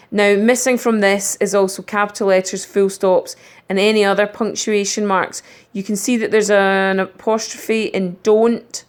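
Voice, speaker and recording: A woman teacher giving a recorded lesson, talking through punctuation slowly and reading example sentences aloud. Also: medium pitch.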